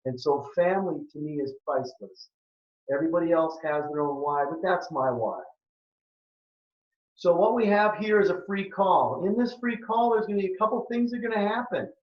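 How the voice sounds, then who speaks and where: A man's voice: sits high, lively intonation, moderate pace, echoey room, lo-fi sound. A man in his sixties from southern Minnesota, a health practitioner giving an earnest, emphatic webinar talk that repeats its key points. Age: 60s. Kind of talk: presentation with a sales pitch.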